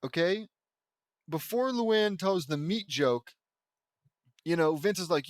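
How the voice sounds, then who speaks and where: A man's voice: fairly high pitch, expressive, no echo. A man reading a fan fiction aloud as a comedy, breaking off for exasperated, sarcastic remarks. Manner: exasperated, sarcastic asides and quick mock voices. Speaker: reader mocking a fan fiction.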